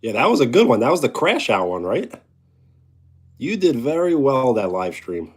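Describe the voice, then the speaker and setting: A man's voice: medium pitch, big pitch swings, normal speed, slightly rough. A man with a New York accent, casually chatting with viewers on a home live stream and answering their questions with dry humor. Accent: New York (Brooklyn / Long Island). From New York, USA. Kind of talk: casual live-stream chat, reading comments.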